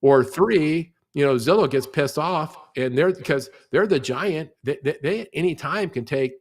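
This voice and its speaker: A middle-aged man with a fairly high-pitched voice walks through how the real estate industry works in a podcast discussion. He's fast and animated, leaning heavily on "you know."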